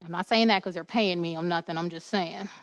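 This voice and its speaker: A woman's voice: on the low side, steady tone, fairly quick, dry recording, highs cut off. Chatty woman giving a waxing demo. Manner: chatty, playful, acts out quoted dialogue. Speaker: esthetician. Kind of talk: live waxing demonstration.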